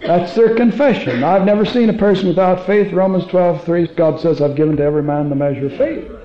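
Male preacher, high voice, dull old sermon recording, lively storyteller. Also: roomy sound. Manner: animated storytelling, acting out quoted voices; hushed, slow prayer. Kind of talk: sermon with prayer. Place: church sanctuary.

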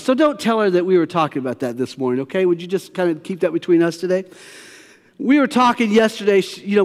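A male pastor with a high voice preaching in a loose, storytelling way, stressing his points and talking straight to the congregation. Long reverb hangs in the sanctuary behind him. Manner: conversational, storytelling, emphatic. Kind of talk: sermon. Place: church sanctuary.

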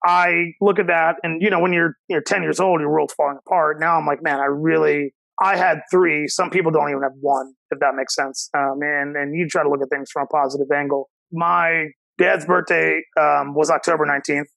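Podcast guest: man in his 30s, from Ohio, gravelly, higher register, reflective and halting. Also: flat delivery, bright, forceful tone, no echo, poor audio. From Cincinnati, Ohio, USA. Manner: reflective, halting, many restarts and 'you know' fillers. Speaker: chef and restaurant owner, podcast guest. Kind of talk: casual interview storytelling.

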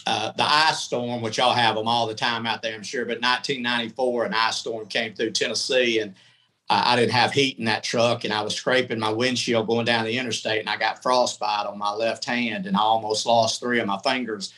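A man's voice: mid-range voice, steady tone, a little fast, pushed and bright, poor audio. A middle-aged man, telling candid, folksy stories as a podcast guest. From United States. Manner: folksy, candid, rambling storyteller. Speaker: podcast guest, country comedy singer. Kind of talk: casual storytelling.

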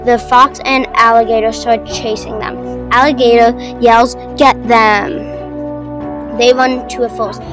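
A woman reading a homemade story aloud, halting and restarting, with music behind. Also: a little high, level tone.

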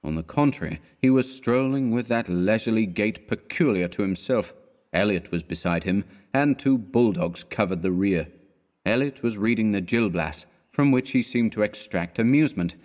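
A man reading a classic short story aloud as an audiobook narrator, in a measured manner. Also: lowish voice, a little mellow.

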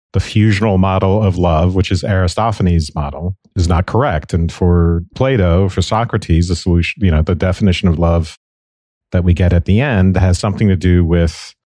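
Deep, mellow male voice, dry close mic. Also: dry recording. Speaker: podcast co-host. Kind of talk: casual philosophy discussion.

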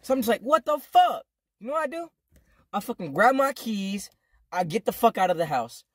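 A man's voice: sits high, sing-song, fairly quick, dry recording, studio quality. A young man telling a casual storytime vlog from home, rambling in slangy, profane speech. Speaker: vlogger.

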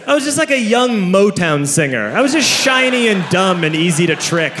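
A man performing a stand-up comedy routine, telling an animated story and switching into exaggerated voices for the people he quotes. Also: sits high, normal speed, reverberant, crowd noise. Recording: noisy live stand-up recording.

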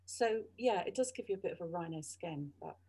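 A middle-aged woman, a radio journalist, telling lively anecdotes in a podcast interview. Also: fairly low pitch, a little fast, a little hiss or hum. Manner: animated, mimics colleagues' voices. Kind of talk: storytelling interview chat.

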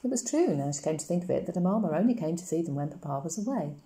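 Low, mellow woman reading a story. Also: lively intonation, racing. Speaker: audiobook reader. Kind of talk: storybook narration.

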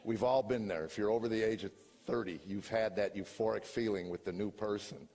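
An older man, a comedian, telling a confessional story from a stage to a live audience, earnest and sometimes rising to loud exasperation. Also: fairly low pitch, brisk. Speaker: comedian giving a personal testimony. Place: stage before a live audience in a large hall. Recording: long hall reverb.

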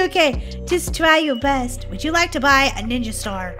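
A woman hosting a playful gameplay commentary, giggly and excitable, shrieking when startled. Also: sits high, normal speed, soft background music. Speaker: gaming channel host.

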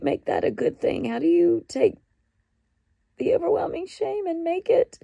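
A woman recording a raw confessional diary clip, halting, upset and close to tears, swearing as she talks. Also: very high voice, expressive, vocal fry, warm tone, dry recording. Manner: halting, distressed and ashamed, with swearing. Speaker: vlogger.

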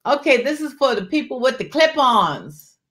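Her voice is high-pitched and swings widely in pitch as she talks at a moderate pace. She hosts a relaxed live-stream jewelry sale, chatting freely, naming viewers, and urging them to order and join her shows, all with a folksy Southern-style warmth and plenty of "y'all."

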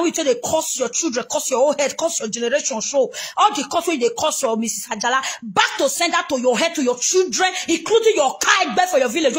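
A Nigerian woman speaking in a Pidgin accent, her voice pitched very high. She rants at a rival in a heated vlog, shouting curses and repeating herself. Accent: Nigerian Pidgin English. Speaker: social media vlogger. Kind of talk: angry ranting address to a rival.

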